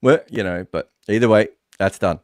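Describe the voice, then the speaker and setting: A man co-hosting a live sports watch-along, giving relaxed, reflective analysis of the play. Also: on the low side, normal speed, no room sound, studio quality. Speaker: co-host and analyst.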